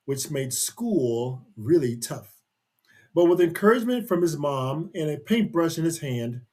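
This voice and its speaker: A man with a husky, slightly raised voice reads a picture book aloud to young children. He keeps it chatty, pausing to talk about the pictures and ask his listeners questions. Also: a little high.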